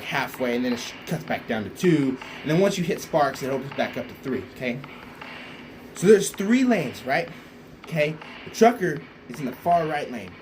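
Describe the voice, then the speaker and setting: A man's voice: medium pitch, slight background noise. A young man telling a casual, rambling anecdote, keeps asking his listener "right?". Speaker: vlogger. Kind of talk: casual storytelling.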